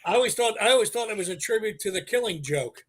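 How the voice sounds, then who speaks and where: A man co-hosting a podcast, talking excitedly about a film, often laughing and swearing freely. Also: sits high, fast talker, breathy edge. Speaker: podcast co-host. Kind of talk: casual film discussion.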